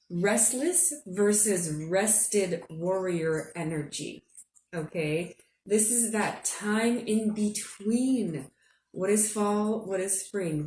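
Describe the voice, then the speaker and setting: A woman's voice: mid-range voice, darkish tone, distant mic. A woman giving a casual spiritual forecast, chatty and giggly, often checking in with "okay?". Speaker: astrology forecaster. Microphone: headphones. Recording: roomy echo, a bit off-mic, faint room hum.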